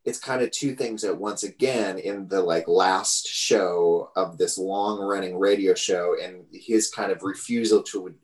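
A man's voice: low voice, rough recording. A man talking through a film in a casual podcast chat, thoughtful and hedging.

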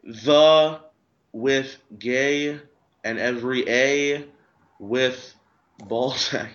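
A man's voice: mid-range voice, very slow, fairly bright tone. Joking male podcast host, lo-fi. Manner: crude, joking, rambling with fillers. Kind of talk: casual joking chat. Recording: dull lo-fi recording.

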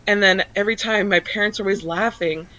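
Young woman, dry self-mocking storyteller, rambling casual chat, bright tone. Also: mid-range voice, steady tone, quick pace, muffled recording. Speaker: guest.

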